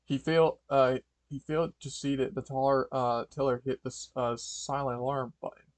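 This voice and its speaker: A man's voice: medium pitch, flat delivery, normal speed, dry recording. Stumbling man reading fan fiction. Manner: stumbling, frequent restarts and fillers. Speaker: fanfiction reader. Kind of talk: reading a story aloud.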